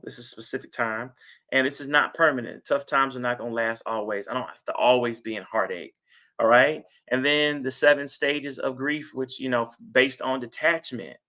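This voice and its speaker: A man giving a self-help lesson to camera, animated and preacherly, talking to his viewers as y'all and acting out their inner thoughts. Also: mid-range voice. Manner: animated, preacherly, calls the audience y'all, acts out quoted thoughts. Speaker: therapist and channel host.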